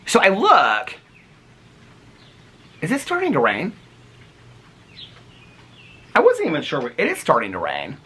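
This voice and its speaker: A middle-aged man vlogging at home in casual chat, excitable and chatty, breaking off now and then to talk about animals in the yard. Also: on the high side, slow pace, long pauses, husky.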